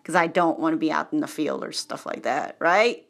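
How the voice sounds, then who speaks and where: A woman's voice: low voice, a little fast, vocal fry, few pauses. Chatty, digressive woman telling a story. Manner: digressive, self-interrupting, laughs often; animated and chatty. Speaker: vlogger. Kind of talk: rambling personal storytelling.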